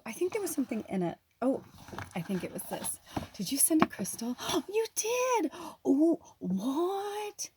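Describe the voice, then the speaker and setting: A woman on the US West Coast making a casual vlog as a spiritual medium, chatting excitedly while unboxing a gift. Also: fairly low pitch, slightly rough, dry recording. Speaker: spiritual medium and tarot reader. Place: at home, off-grid.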